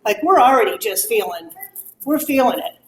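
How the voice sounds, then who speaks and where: Middle-aged lady talking straight to a moms group, bit high voice, roomy echo. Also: normal speed, a little hiss or hum. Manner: candid, animated, acts out quoted remarks. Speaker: guest speaker on grief. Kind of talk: talk to a moms' group. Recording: echoey room with faint ambience.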